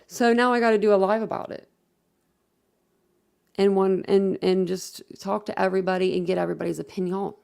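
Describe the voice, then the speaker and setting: A woman hosting a casual livestream, chatting loosely with her viewers. She rambles, corrects herself and leans on fillers as she reads comments aloud. Her voice sits at a middling pitch with a gravelly, fry-heavy edge. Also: flat delivery, fairly quick, pauses often, darkish tone. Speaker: livestream host. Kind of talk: casual live-stream chat, reading viewer comments.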